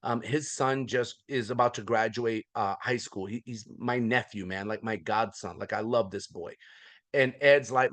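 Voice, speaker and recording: A man, likely in his forties, giving an energetic, folksy sales presentation on a video call, with lots of repetition. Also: medium pitch, normal speed, no room sound. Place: remote hotel room abroad.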